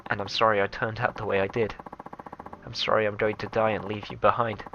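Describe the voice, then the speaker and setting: A man voicing a regretful young man leaving a farewell message, in a quiet, subdued reading. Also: lowish voice, level tone, fairly quick, vocal fry, muffled recording, noisy background.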